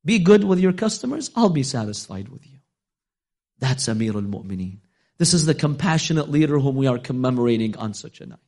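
A man preaching a sermon, telling a story with dramatic swings of pitch and loudness, sometimes slowing into a chanted, half-sung delivery. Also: sing-song. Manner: storytelling, voicing quoted figures, dramatic rises in pitch.

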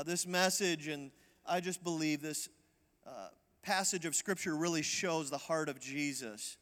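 A man preaching as a visiting evangelist in a church, lively and calling for the crowd's responses. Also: a little high, long reverb tail. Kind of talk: sermon.

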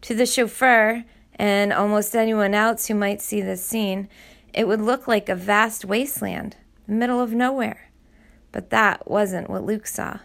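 Woman, audiobook narrator, middle pitch, gravelly fry, measured reading. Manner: steady, measured storytelling. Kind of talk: scripted narration.

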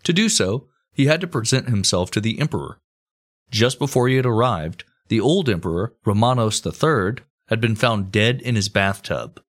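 A man's voice: on the low side, expressive, moderate pace. A man hosting a comedy history podcast, telling the story casually with crude jokes and plenty of swearing. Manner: crude, joking, swears freely.

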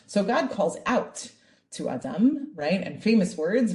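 Woman teacher with a mellow low voice. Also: moderate pace. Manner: lively, asks "right?" often. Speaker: Torah teacher. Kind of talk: online Bible class. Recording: echoey room.

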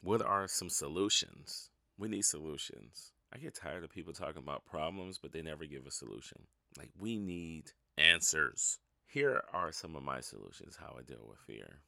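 A man with a very low, gravelly voice talks through a casual solo podcast. His tone is bright and forceful, and he keeps laughing at himself. The sound is close and dry. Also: animated, normal speed, hardly any pauses, dry recording. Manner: rambling, self-mocking, laughs at his own stories. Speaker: podcast host.

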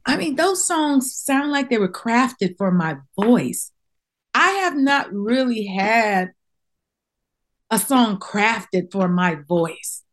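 A middle-aged woman who sings professionally is a guest in a casual interview, speaking in a heartfelt and openly emotional way. Her voice is fairly high with lively intonation, and she talks slowly.

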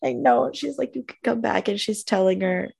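A woman co-hosting a podcast, recapping a TV episode in casual chat, animated and gushing, laughing often. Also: on the high side, moderate pace, vocal fry, husky. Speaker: podcast co-host.

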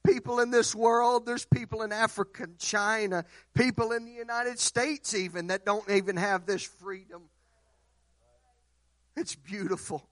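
A young man preaching a sermon, building through repeated phrases toward passionate shouts. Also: high voice, steady tone, measured pace, no room sound. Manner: impassioned, repetitive cadences building to shouts.

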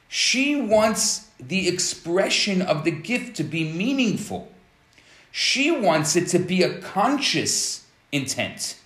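Animated man teaching in an echoey room. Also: a little high. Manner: animated, explanatory, acts out scenarios. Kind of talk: relationship teaching talk.

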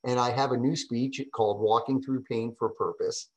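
A middle-aged man, a podcast guest and public speaker, telling stories in a casual interview with an animated, emphatic manner, often asking "right?". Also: medium pitch, normal speed, poor audio.

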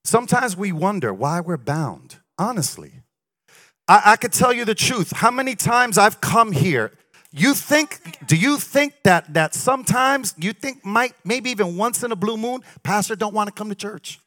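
A pastor delivers a lively sermon with his voice swinging wide, shouting at the peaks and dropping into mocking asides. His voice sits very high and sounds bright and sharp. The sound is dry and close. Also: moderate pace, no echo.

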